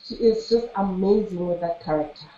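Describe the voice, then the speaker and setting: Woman from South Africa, mellow voice, earnest and halting; dull recording in an echoey room. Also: fairly low pitch. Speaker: fan giving a video message. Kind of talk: personal testimony.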